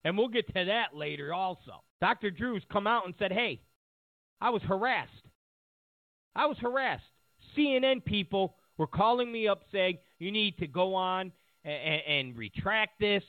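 A man delivering an animated, sarcastic political monologue as a commentator. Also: high voice, normal speed, dry recording, phone-quality sound.

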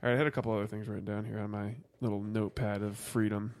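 A man's voice: fairly low pitch, little pitch movement, rapid-fire, darkish tone, dry recording. Swearing, joking male podcast host. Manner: loose, swearing, joking banter. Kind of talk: casual chat.

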